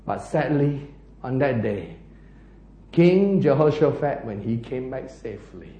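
A man preaching a sermon, animated and often laughing as he acts out the story. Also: medium pitch, unhurried, echoey room, highs cut off. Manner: animated, laughing, acting out scenes.

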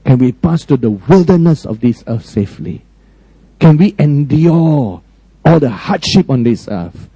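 A man preaching a sermon emphatically, often questioning his listeners and swinging between high, raised lines and low, quiet ones. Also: lively intonation, unhurried, slightly rough, no room sound, poor audio. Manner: frequent direct questions to the congregation.

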